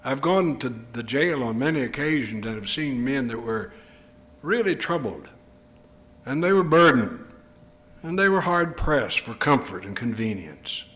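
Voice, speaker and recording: A man's voice: mid-range voice, big pitch swings, measured pace, fairly bright tone. An older male preacher delivering an earnest, emphatic sermon full of rhetorical questions. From United States.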